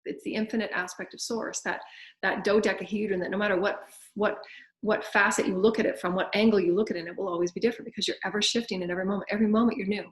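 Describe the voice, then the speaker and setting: A woman's voice: medium pitch, steady tone, very fast. A woman giving a spiritual guidance talk, speaking in flowing, repetitive first-person affirmations. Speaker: spiritual teacher. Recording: echoey room.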